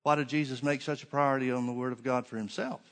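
A man's voice: mid-range voice, fairly even intonation, fast talker, big-room sound. A man preaching a sermon, driving his points home with repeated phrases and rhetorical questions.

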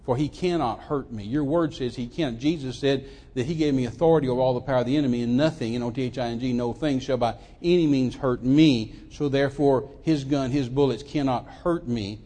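An older man, preaching a sermon as a lively story, often repeating words, on a handheld mic in a church. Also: medium pitch, a little fast. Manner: animated, repeats words, acts out quoted voices. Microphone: handheld microphone.

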